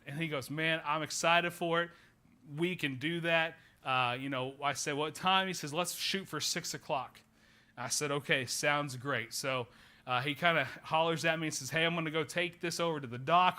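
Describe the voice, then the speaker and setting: Oklahoma pastor, thirties, bright voice, a touch high, folksy rambling storyteller. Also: male voice. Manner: folksy, rambling anecdote with many fillers. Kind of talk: sermon storytelling. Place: church sanctuary.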